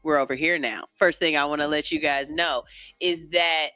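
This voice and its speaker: A woman's voice: deep voice, fairly even intonation, moderate pace, bright, forceful tone, clean tone, no room sound, faint music behind. A woman hosting a morning radio show, rambling loosely, cursing casually and laughing at herself, on a studio microphone.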